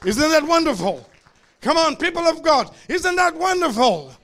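A male pastor preaching a sermon, shouting calls for amen and dropping to quiet asides. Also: very high-pitched, sing-song, moderate pace, creaky. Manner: shouting call-and-response preaching, swinging between loud and quiet asides.

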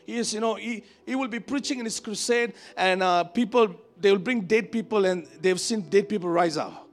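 A man from Asia preaching a sermon to a congregation, telling a personal story in an animated, conversational way. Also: high-pitched, moderate pace. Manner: animated, conversational, acts out quoted voices. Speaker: pastor. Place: church service before a congregation.

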